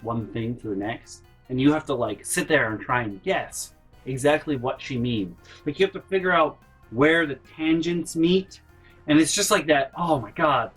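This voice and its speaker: A man hosting a gaming channel, telling a rambling, exasperated story and swearing freely, jumping into loud mock yells. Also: medium pitch, slightly rough. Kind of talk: storytime over gameplay.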